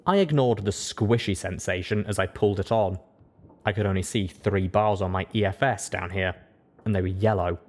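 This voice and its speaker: A man narrating a first-person story as an audiobook reader, steady and measured. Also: sits low.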